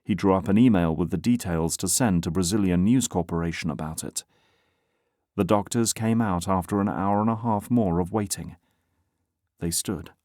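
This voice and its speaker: A man narrating an audiobook in a steady, even reading. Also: low-pitched, normal speed, no echo, studio quality. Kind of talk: scripted narration.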